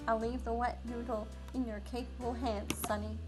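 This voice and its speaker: A woman putting on a frail old man, slow and wavering, fond and rambling, pitched high for an old guy. clear game music plays under him. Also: flat delivery, close to an everyday voice. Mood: doddering. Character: fragile, rambling old man, pasta shop owner.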